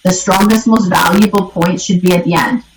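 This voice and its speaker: A woman's voice: fairly low pitch, steady tone, moderate pace. A woman leads an online coaching session, walking through sales scripts in an instructive, conversational way. Her voice sounds distant from the microphone, with a roomy echo around it. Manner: instructive, frequent rhetorical "right?". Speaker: real estate coach. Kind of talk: online workshop teaching.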